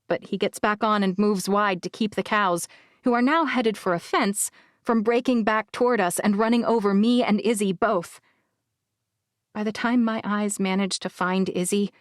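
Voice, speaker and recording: A woman's voice: medium pitch, no echo. A woman reads a novel aloud in the first person, telling the story with expression. Her voice sits in a middle range. The studio recording is close and dry. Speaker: audiobook narrator. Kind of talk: scripted first-person narration. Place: recording booth. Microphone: studio microphone.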